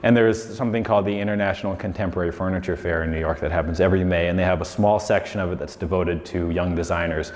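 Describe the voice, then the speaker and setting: Man, 40s, low voice, casual lecture, rambling with fillers, echoing hall. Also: steady tone, fast talker, few pauses, darkish tone. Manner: loose, rambling, heavy on "like" and "you know". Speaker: designer giving a lecture. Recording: long hall reverb.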